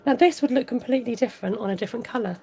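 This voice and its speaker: Speaking rapid-fire in a fairly high, mellow, slightly rough voice, a woman demonstrates papercraft at home. She's chatty and giggly, talking casually the whole time she works.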